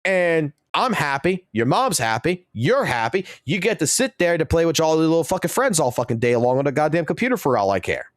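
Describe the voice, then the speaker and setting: A man's voice: on the high side, sing-song, a little fast, hardly any pauses, dry recording, clean studio sound. A man in his thirties or forties, a game streamer ranting profanely and with exasperation during a live broadcast.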